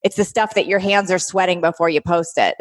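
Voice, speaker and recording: A woman with a slightly low voice hosts a podcast in a casual, encouraging way. She stresses her points firmly and laughs easily as she talks. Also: steady tone, a little fast. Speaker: podcast host. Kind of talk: casual interview chat.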